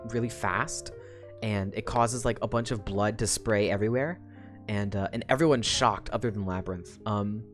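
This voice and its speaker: A woman's voice: rumbling low, moderate pace, faint music behind. A woman streamer chatting casually through a book recap, swearing freely and rambling with fillers.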